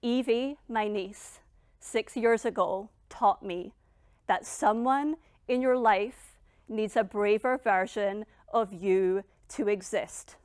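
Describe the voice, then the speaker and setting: A middle-aged woman giving a dramatic motivational speech as a founder, emphatic and blunt, with long pauses. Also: mid-range voice, darkish tone, clean tone, dry recording, studio quality. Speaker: founder and keynote speaker.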